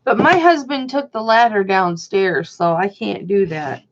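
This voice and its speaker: Slow-talking woman on a livestream. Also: mid-range voice, background noise. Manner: chatty, reads viewer comments aloud. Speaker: livestream host. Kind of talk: casual livestream chat. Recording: dull lo-fi sound.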